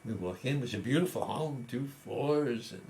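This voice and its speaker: A man's voice: mid-range voice, lively intonation, moderate pace, creaky, a little mellow, a little hiss or hum. A man in his eighties, interviewed, telling personal stories in a reflective, conversational way. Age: 80s. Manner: conversational, reflective, with frequent restarts. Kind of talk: casual storytelling.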